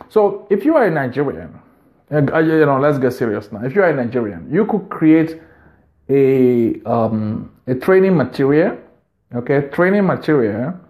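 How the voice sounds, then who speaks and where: A man's voice: fairly high pitch, darkish tone. A man hosting a video, giving business advice in an unscripted monologue, earnest and repeating phrases for emphasis.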